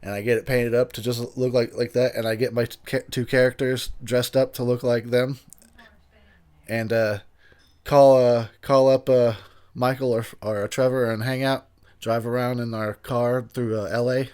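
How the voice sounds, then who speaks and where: A man's voice: medium pitch, level tone, moderate pace, darkish tone, clean tone. A man in his late thirties or forties, a bit tipsy, hosting a loose, joking movie commentary that wanders with fillers and restarts. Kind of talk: casual drunk movie commentary.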